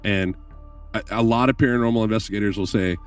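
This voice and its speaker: Animated, cussing storyteller, a low-voiced man. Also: fast, recorded from a distance, soft background music. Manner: animated, profane storyteller who laughs often. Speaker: guest filmmaker telling stories. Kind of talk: casual podcast chat.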